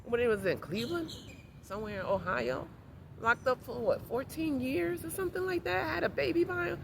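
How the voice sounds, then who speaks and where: A woman's voice: high-pitched, expressive, fairly quick, creaky. A woman vlogging in casual talk, rambling and repeating reassurances to herself. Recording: noisy outdoor street recording.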